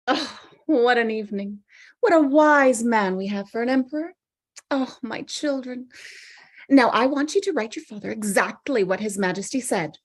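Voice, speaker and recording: A woman's voice: on the high side, animated, moderate pace. Woman reading a gushing, fussy old mother. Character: older mother, fussy and cheerful. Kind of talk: table-read acting.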